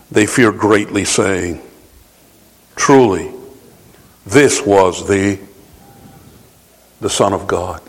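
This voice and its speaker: A man preaching a sermon, quoting scripture and driving points home with rhetorical asides, sometimes rising to a shout. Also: fairly low pitch, gravelly, breathy edge. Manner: emphatic, rises to shouts on key points. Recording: long hall reverb.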